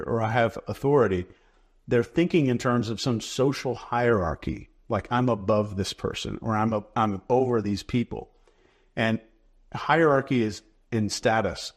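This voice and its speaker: A man, a guest in an interview, explaining ideas in a measured, instructive way and repeating key phrases for emphasis. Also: on the low side. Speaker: behavior expert guest.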